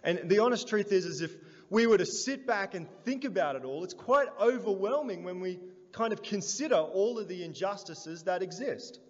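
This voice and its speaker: A man's voice: sits high, animated, moderate pace. A man preaching a sermon to his congregation, asking them earnest questions and building in force as he goes. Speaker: pastor. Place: church hall. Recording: dull, roomy church sound.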